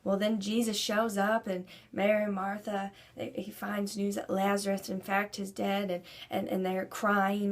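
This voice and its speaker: A woman's voice: medium pitch, completely flat delivery, unhurried, hardly any pauses. A woman giving an earnest devotional talk to camera, building to emphatic preaching. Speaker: Christian speaker.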